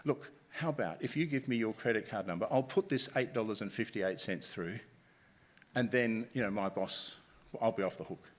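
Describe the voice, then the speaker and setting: A man voicing a flattering, flustered female phone scammer who gushes and frets. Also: lowish voice, moderate pace, close to an everyday voice. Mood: gushing. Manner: gushing, flattering, fretful.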